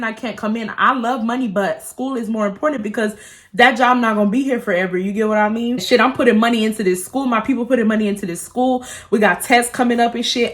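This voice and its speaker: A young woman, telling a casual storytime vlog in a profane, animated way and acting out what people said. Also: on the high side. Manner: animated, profane, acts out quotes.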